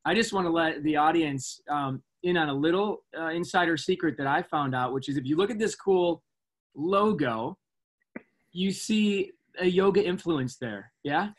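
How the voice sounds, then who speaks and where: Upbeat man hosting, fairly high voice. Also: moderate pace. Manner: upbeat, playful questions. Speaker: host, physician. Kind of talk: interview hosting.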